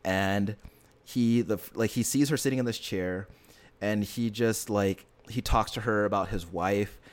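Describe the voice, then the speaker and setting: Lowish-voiced guy rambling earnestly, tons of fillers and restarts, just chatting. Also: measured pace. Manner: rambling, filler-heavy retelling with many restarts; earnest and emotionally invested. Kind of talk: casual chat.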